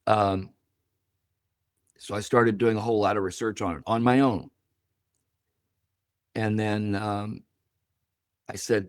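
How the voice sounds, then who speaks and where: A man's voice: on the low side, a little slow, long pauses, dry recording. Older man, in his seventies, storytelling guest, acts out dialogue, dry close mic. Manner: animated, acts out quoted dialogue. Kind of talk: storytelling interview.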